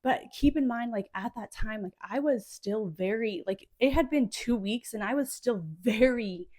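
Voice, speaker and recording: A woman's voice: a little high, moderate pace, a little mellow. Woman, 30s, podcast host; casual solo monologue, rambling and emotional, filler-heavy.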